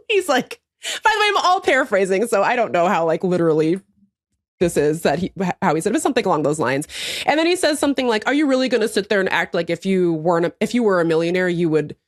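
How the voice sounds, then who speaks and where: A woman's voice: mid-range voice, big pitch swings, brisk, no room sound, studio quality. An American woman co-hosting a podcast, telling a story with lots of swearing and laughter. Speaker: podcast co-host. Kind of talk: casual chat.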